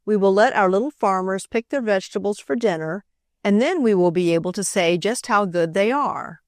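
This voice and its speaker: A woman's voice: medium pitch, normal speed, no echo, clean studio sound, lightly acted. A woman reading a sensible farm aunt.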